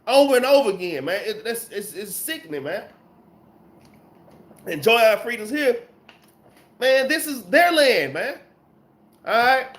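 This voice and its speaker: Emphatic high-voiced man teaching scripture. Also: very animated, normal speed, fairly bright tone. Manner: casual, emphatic, peppered with "man" and mild cursing. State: recovering from a cold, coughing. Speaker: Bible class teacher. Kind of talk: informal scripture lesson.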